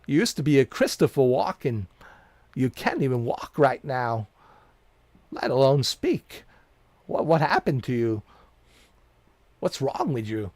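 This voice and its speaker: A man's voice: mid-range voice, big pitch swings, a little slow, long pauses, darkish tone, no echo. A man streaming a video game, chatting casually and joking with his viewers, laughing often. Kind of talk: casual live-stream commentary.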